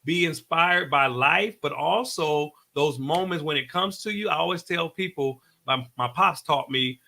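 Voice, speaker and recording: Bright-voiced comedian man from Oakland. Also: a little high, measured pace, gravelly. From Oakland, California. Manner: animated storyteller, slangy, playful. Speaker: comedian guest. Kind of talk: casual talk show interview.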